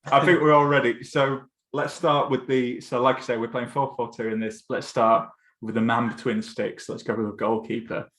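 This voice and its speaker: A young man with an Essex accent hosts a relaxed football chat. He talks in a loose, chatty way, now and then dropping a swear word, in an ordinary mid-range voice. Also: medium pitch, normal speed, hardly any pauses. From England. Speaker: podcast host. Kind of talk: casual chat.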